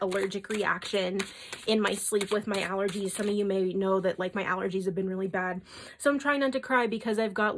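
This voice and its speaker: A woman's voice: mid-range voice, a little hiss or hum. A young adult woman giving a spiritual tarot reading, earnest and emotional, who often checks in with "okay?" and fills with "like". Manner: soft, earnest and emotional, with frequent "okay?" and "like" asides. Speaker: tarot reader.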